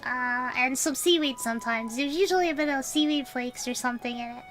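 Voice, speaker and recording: A woman's voice: high voice, fairly quick, fairly bright tone, faint music behind, rough recording. A woman VTuber chatting casually on a livestream, rambling and giggling as she answers her chat. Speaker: VTuber streamer.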